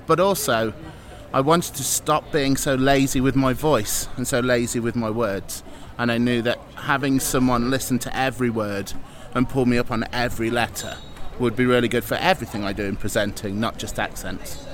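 A man's voice: mid-range voice, fairly even intonation, normal speed. Guest, East Midlands English man, earnest, recorded outside near traffic. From Mansfield, England. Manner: open, earnest, explains with fillers. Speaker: improviser and presenter. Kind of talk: casual interview talk.

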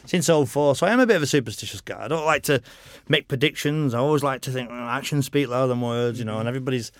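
Middle-aged racer telling rambling stories, dry sound. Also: male voice, medium pitch, expressive, very fast, no room sound. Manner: rambling anecdotes, lots of "you know", frank and swearing. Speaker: motorcycle racer guest. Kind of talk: casual podcast interview.

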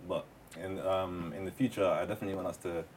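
Fast-talking deep-voiced man, far from mic. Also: steady tone. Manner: rambling, loose with restarts and fillers. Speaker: podcast host. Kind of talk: casual chat. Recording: distant mic with faint noise.

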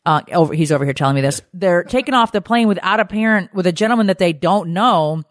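A woman's voice: on the low side, quick pace, dry recording, studio quality. A mother and podcast host telling a story in a casual way, swearing freely and acting out other people's lines as she goes. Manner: animated, swears freely, acts out quoted lines.

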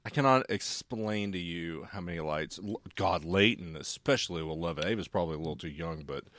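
A man in casual chat, reacting with quick jokes and teasing. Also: low-pitched, animated, fairly bright tone, no echo.

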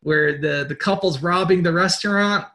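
A man's voice: high voice, moderate pace, sharp tone. A man hosting a spiritual pep talk, preaching bluntly, swearing often and repeating his words as he pushes on. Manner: repeats words and restarts sentences. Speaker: host.

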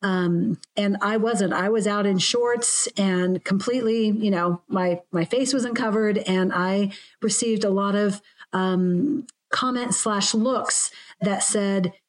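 A woman's voice: mid-range voice, slow pace. Earnest, reflective woman coach. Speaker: guest coach. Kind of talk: casual chat.

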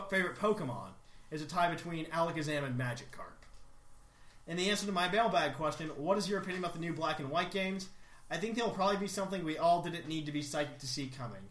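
A man's voice: fairly high pitch, a bit bright. A man hosting a casual podcast with friends, reading listener emails aloud in a mock-formal tone. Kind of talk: casual chat. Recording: echoey room, faint noise.

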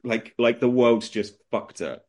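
A young man, a guest on a casual chat show, telling animated anecdotes and laughing through them. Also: mid-range voice, a little slow. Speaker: guest, music promoter.

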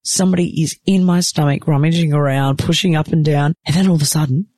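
A woman telling a personal story in a casual, animated way, acting out what everyone said and swearing freely. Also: sits low, quick pace, no room sound. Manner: animated, acts out the other people's lines.

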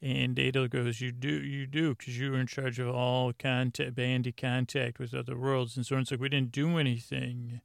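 Flat, gravelly-voiced man recapping casually. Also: medium pitch, moderate pace, hardly any pauses, dry recording, clean studio sound. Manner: rambling, reads from own notes with many fillers. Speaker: podcast host.

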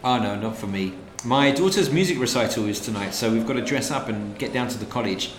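Breezy, polite middle-aged newcomer, played by a man, mid pitch, roomy sound. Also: fairly quick, slight background noise, close to an everyday voice. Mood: friendly. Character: friendly middle-aged man newly arrived from London.

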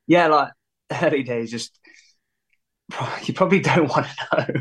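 A man, a musician guest telling lively anecdotes and laughing as he acts out quotes. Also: on the high side, moderate pace. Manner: animated, laughing storyteller who acts out quotes.

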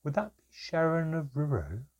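A man voicing a calm, gently ominous female elf in a small, soft voice while reading a storybook aloud. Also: a little high, moderate pace, highs cut off, pitched above the performer's own voice. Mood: ominously calm. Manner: calm, reasonable, quietly commanding.

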